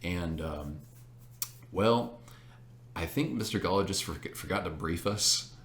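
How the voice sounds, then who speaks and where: A young man in casual chat, telling an animated story with laughs and many fillers. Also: low voice, takes it slowly. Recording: echoey room.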